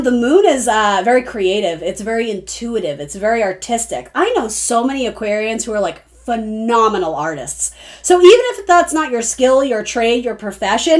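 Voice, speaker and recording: A young adult woman giving a casual, rambling tarot reading, often breaking off and restarting her sentences. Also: fairly high pitch. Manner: rambling, chatty, self-interrupting. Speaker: tarot reader.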